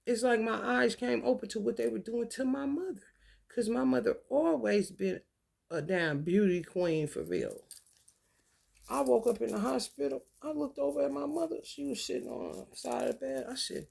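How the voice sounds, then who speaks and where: A woman talking casually to her viewers, telling animated, profane stories with frequent laughter. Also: on the high side, moderate pace, creaky, slightly rough. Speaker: spiritual talk host.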